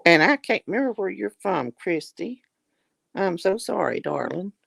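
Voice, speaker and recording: A woman's voice: medium pitch, expressive, normal speed, gravelly, dry recording. A middle-aged woman, chatting on her livestream and reading out viewer comments, calling them honey and darling. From Southern US. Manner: warm, affectionate, calls viewers honey and darling. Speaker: livestream host.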